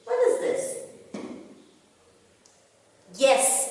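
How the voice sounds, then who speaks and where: Slow, high-voiced teacher in an echoey room. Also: female voice, very animated, distant mic. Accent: Indian English. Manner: slow, spelling letters out and stressing each vowel, asking questions to children. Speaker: kindergarten teacher. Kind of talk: recorded phonics lesson for young children. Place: classroom or school room.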